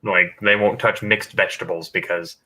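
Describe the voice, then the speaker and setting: A man's voice: low voice, steady tone, moderate pace, bright, forceful tone. A man hosting a casual livestream chat, joking around and reading viewer comments aloud. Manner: jokey, slips into silly voices, reads chat comments aloud. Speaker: livestream host.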